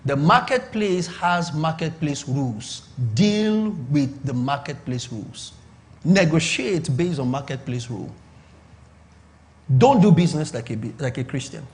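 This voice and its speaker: With lively intonation, a slightly high voice, and a somewhat slow pace, a middle-aged Nigerian pastor preaches on business. His style is emphatic and repetitive, with frequent calls for the audience to confirm.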